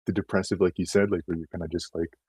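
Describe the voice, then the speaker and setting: Male guest, very low and husky, loose rambling delivery, dry sound. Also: little pitch movement, fast, darkish tone, no room sound, low-quality recording. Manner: rambling, trailing storytelling. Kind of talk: casual conversation.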